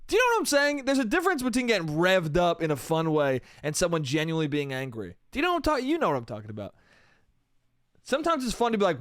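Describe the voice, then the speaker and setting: Male comic host, solo podcast; fairly high, profane, rambling delivery, dry close sound. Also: sing-song, quick pace, no room sound. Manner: rambling, profane, self-amused, restarts often. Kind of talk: solo comedy podcast rant.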